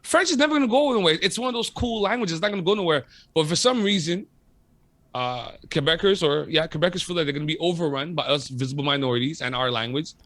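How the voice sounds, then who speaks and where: Guy radio host, high-ish bright voice, swears a lot, fired up, dry close sound. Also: quick pace, no echo. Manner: animated, profane, emphatic storytelling. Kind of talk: casual interview chat.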